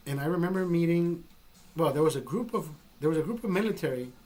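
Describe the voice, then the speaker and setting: A man's voice: fairly high pitch, fast, faint music behind. A man from Honduras with a Honduran accent, telling a story casually and profanely, acting out what people said. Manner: profane, animated storytelling with acted-out quotes. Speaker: podcast host.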